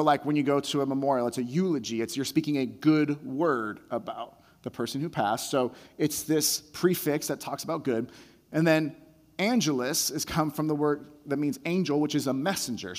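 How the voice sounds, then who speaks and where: A male pastor with a slightly raised pitch preaches a conversational sermon. He repeats his words and lets his excitement build while retelling a story. His voice rings out with the long reverb of a large hall. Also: normal speed.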